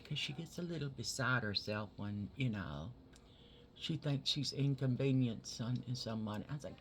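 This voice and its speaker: A man chatting casually to his viewers while doing his makeup. He swears freely and drops into soft whispers as he works. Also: mid-range voice, normal speed. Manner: chatty and profane, talks straight to viewers. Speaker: makeup vlogger. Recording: steady background noise.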